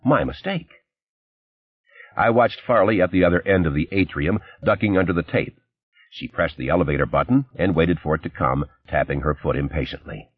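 A man reading a first-person crime novel aloud in a measured, understated way. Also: sits low, husky, no echo. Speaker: audiobook narrator. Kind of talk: scripted first-person narration. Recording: slightly dull, dry recording.

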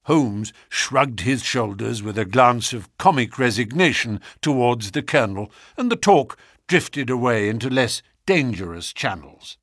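Brief: male narrator for an audiobook, animated delivery, dry close recording. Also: mid-range voice, dry recording. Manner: measured, expressive reading. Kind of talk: audiobook story reading.

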